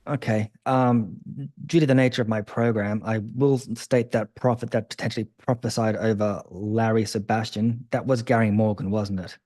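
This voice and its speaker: A man's voice: lowish voice, steady tone, normal speed, a little mellow, no room sound, studio quality. A man hosting an interview, asking probing follow-up questions. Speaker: host.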